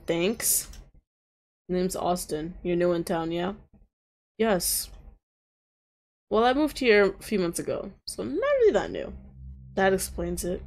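A woman playing a visual novel, reading its lines aloud and breaking off into loud reactions and laughter. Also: on the low side, very animated, unhurried, long pauses. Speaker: gaming streamer.

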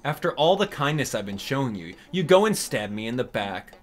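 A man's voice: mid-range voice, big pitch swings, brisk, faint music behind, lightly acted. A man putting on Mister Resetti, a cranky mole. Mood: exasperated. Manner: loud, nagging, sarcastic. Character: cranky scolding male mole, cynical and sarcastic. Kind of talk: reading game dialogue aloud in character.

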